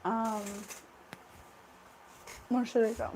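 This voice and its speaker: A woman's voice: on the high side, little pitch movement, drawn-out words, noisy background. Rambling woman doing a tarot reading. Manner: rambling, many fillers and asides. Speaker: psychic reader. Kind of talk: casual spoken tarot reading.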